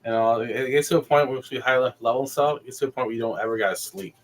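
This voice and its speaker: A man playing a tabletop game, explaining rules in a halting way, full of fillers. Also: medium pitch, steady tone. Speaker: player. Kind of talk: casual chat at a tabletop game.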